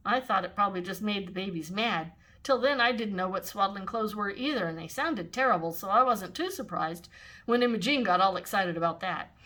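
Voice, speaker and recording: An older woman reading a children's novel aloud in an expressive, animated way. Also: mid-range voice, fairly quick. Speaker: storyteller.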